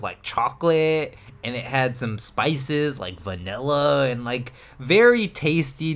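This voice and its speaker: Colorado guy chatting on a podcast, laid back, says his words out careful, middle pitch. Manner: relaxed, enunciates carefully. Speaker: podcast co-host. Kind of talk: casual chat.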